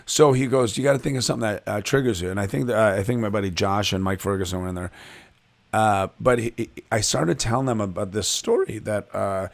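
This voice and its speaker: Man from Chicago, animated, self-deprecating comedian, podcast interview guest. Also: lowish voice, a little fast, gravelly. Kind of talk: casual interview chat.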